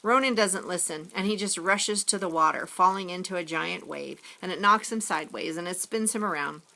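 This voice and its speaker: Gravelly-voiced woman teacher reading aloud. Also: on the low side, a little fast. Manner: expressive, storytelling. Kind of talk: reading a story aloud to a class.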